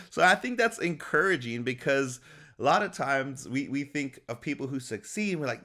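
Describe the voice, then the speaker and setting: A man giving an encouraging, motivational faith talk, upbeat and quick to laugh. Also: mid-range voice, expressive, pushed and bright. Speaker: faith speaker.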